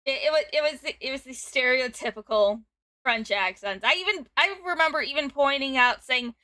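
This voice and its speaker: Bright, giggly woman streamer in her twenties. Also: sits high, fairly quick, dry recording. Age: 20s. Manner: giggly, talks over guest. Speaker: streamer host. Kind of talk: casual stream chat, reading chat aloud.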